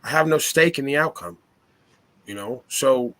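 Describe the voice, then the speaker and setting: A man's voice: medium pitch, lively intonation, normal speed, a bit bright. A man hosting a podcast, talking philosophically in earnest, probing rhetorical questions. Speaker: podcast host. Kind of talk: casual philosophical chat.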